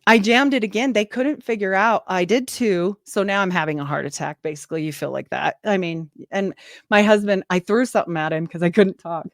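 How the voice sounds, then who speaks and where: A woman's voice: medium pitch, fairly quick, no room sound, clean studio sound. A woman in her forties, a nurse and podcaster, telling stories in a casual interview and acting out what other people said. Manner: lively storyteller, acts out what others said. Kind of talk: casual storytelling chat.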